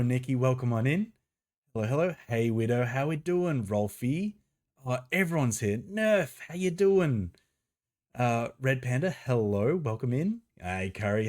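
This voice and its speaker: A man live-streaming a game, chatting casually with viewers, greeting them by name and laughing and swearing easily. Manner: chatty, greets viewers by name, bursts of excited rising pitch.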